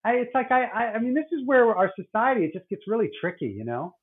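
A man's voice: extremely high pitch, sing-song, quick pace, phone-quality sound. A middle-aged man, a doctor, chatting casually and rambling, with many restarts and fillers. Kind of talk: casual podcast chat.

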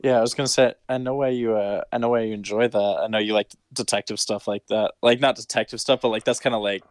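Chill guy w a low voice, short reactions, dry close mic. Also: fairly even intonation, fast talker, no echo. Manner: laid-back listener, short reactions and easy laughs. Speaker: podcast co-host. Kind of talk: casual chat.

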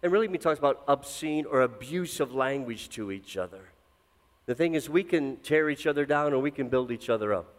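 A middle-aged man preaching a sermon as pastor, swinging from loud emphatic lines to low, intense drops. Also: lively intonation, brisk. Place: church sanctuary. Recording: long reverb of a church hall.

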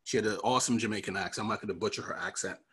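A man's voice: on the low side, very fast, fairly bright tone, slightly rough. A man from New York hosting a casual political commentary podcast, joking and laughing often with rambling asides. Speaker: podcast host.

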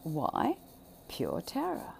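A woman with a gravelly, fry-laden voice speaks in an impassioned monologue. She hammers her points by repeating short phrases, swears freely, and swings from loud bursts to hushed asides. A faint hiss sits under the recording. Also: low voice, wildly swooping pitch, very slow. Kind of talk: impassioned monologue on childhood trauma.

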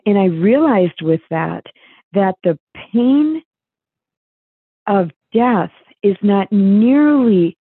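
An earnest woman speaks over a thin, phone-like line with a dry, close sound. She tells a personal story as a guest author, reflective and halting, restarting her sentences often. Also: on the low side, husky, dry recording.

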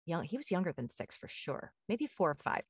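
Lively, lowish-voiced woman podcast host, dry close sound. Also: a little fast, breathy edge, no echo. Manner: animated, acts out quoted voices with high pitch jumps. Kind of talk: casual conversational storytelling.

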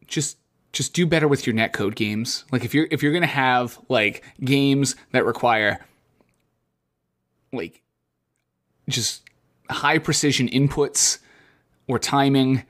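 A man co-hosting a casual podcast chat, ranting with emphatic repetition. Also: mid-range voice. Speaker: podcast co-host.

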